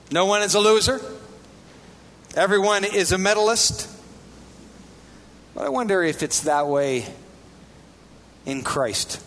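Brief: male pastor, high voice, questioning sermon delivery, long hall reverb. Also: fairly bright tone. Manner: asks the congregation rhetorical questions. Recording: reverberant hall, faint background noise.

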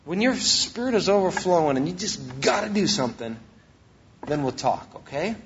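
A man's voice: fairly high pitch, expressive, normal speed, highs cut off, a little hiss or hum. A male pastor preaching a sermon, emphatic and repeating his key phrases.

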